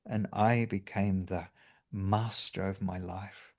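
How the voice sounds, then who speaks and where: A man with an Australian accent, telling a lively story of laughing at his problems, then guiding a meditation in a soft, slow voice. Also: on the low side. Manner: animated storyteller, bursts of laughter and put-on voices. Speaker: meditation guide. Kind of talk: talk and guided meditation.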